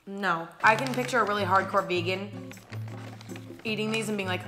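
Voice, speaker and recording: Bright young woman, blunt casual vlog talk. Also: mid-range voice, steady tone. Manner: blunt, candid, swears casually, drawn-out reactions. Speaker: vlogger. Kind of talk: casual snack taste-test vlog. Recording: faint music underneath.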